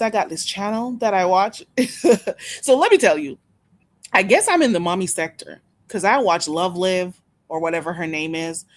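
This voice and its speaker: A woman hosting a casual live stream, chatting with her viewers, gossiping and laughing often. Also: lowish voice.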